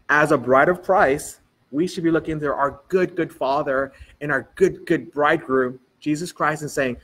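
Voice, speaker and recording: Preaching a sermon in a church, a male pastor tells animated stories and acts out what people said in dialogue. His voice is a little high, at a normal speed.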